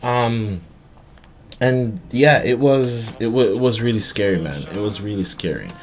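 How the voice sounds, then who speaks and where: A man telling a personal story to his viewers in an earnest, halting way, with many restarts and repeated words. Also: on the low side, a little mellow. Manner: earnest, emphatic retelling. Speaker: vlogger.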